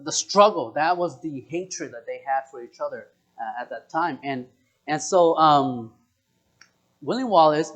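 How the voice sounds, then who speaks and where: A young man giving a casual, chatty sermon, telling a story and quizzing the audience. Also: fairly high pitch. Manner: animated, chatty, asks audience questions. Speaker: preacher.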